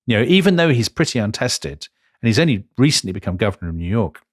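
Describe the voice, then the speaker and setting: A man co-hosting a history podcast in a lowish voice. He tells the story with lively, emphatic swings of pitch on key points. The sound is dry and close. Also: fast talker, no room sound. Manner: animated, emphatic, jumps in pitch for stress. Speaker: podcast co-host.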